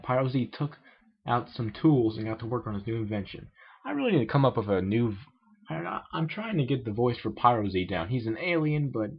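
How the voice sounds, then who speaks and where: A man's voice: medium pitch, breathy edge. A man reading amateur fanfiction aloud with sarcastic asides. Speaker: fanfiction reader. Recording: muffled amateur home recording.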